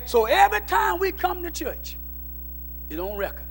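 High-voiced preacher man, shouting and dropping low. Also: huge pitch swings, normal speed, faint music behind. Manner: preaching, swinging from low asides to shouted exhortation. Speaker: pastor. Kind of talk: call-and-response sermon.

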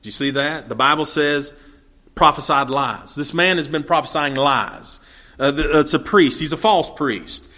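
A fairly high-pitched man with a sharp tone, speaking at normal speed, reads Bible verses aloud in a verse-by-verse study. His explanations come in simple, down-home language, with fillers and restarted sentences.

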